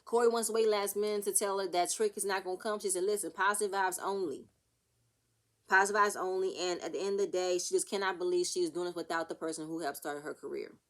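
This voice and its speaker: A young woman casually recapping a reality TV episode, ranting and acting out the cast's arguments in an animated way. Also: lowish voice, quick pace, hardly any pauses. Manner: animated, rants and acts out the cast's quotes.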